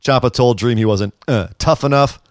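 A man's voice: mid-range voice, moderate pace, dry recording, studio quality. A young man co-hosting a casual wrestling podcast, recapping shows with bursts of enthusiasm. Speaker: podcast co-host. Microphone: headphones and studio mic.

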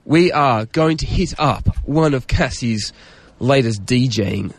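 A man's voice: mid-range voice, expressive, slow, no echo. Jokey competitive Australian male radio host. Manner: jokey, competitive, mate-calling. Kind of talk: playful radio banter. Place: radio studio.

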